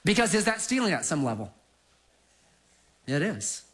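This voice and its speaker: A man's voice: a little high, normal speed. A middle-aged male pastor giving a sermon, telling stories with acted-out quotes. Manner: animated storytelling with acted quotes.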